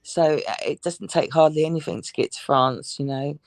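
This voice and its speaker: A woman's voice: low-pitched, normal speed, gravelly, darkish tone, dry recording. A woman from England, chatting casually as a guest and joking about herself with frequent giggles. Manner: chatty, self-deprecating, giggly. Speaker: panel guest. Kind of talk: casual chat on a live stream.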